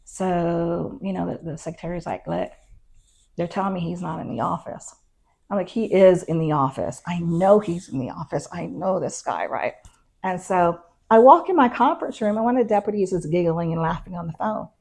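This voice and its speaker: A creaky, lowish female voice at a moderate pace belongs to a county constable telling her story in an interview. She animatedly reenacts quoted conversations and uses fillers like "um" and "you know" often.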